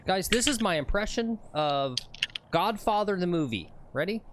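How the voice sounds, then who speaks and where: A man's voice: sits high, expressive, moderate pace, a little hiss or hum. A man co-hosting a golf livestream from the course, joking around and reading viewer comments. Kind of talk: casual chat.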